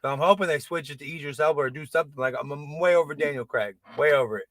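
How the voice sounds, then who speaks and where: A man hosting a casual pop culture chat, rambling and excitable, restarting his sentences and swearing freely. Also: a little high, very fast, no echo. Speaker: podcast host.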